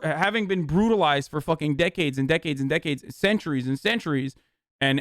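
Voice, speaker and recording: A man's voice: fairly high pitch, clear, resonant tone, no echo, studio quality. Heated, exasperated male streamer. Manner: heated, exasperated, profane rant with restarts. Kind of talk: live-stream political commentary.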